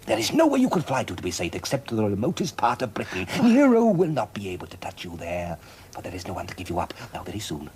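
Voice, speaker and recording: An actor playing an aging Roman emperor, an anxious father who speaks in a measured, earnest way. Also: lowish voice, huge pitch swings, darkish tone, a little hiss or hum. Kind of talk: television period drama acting.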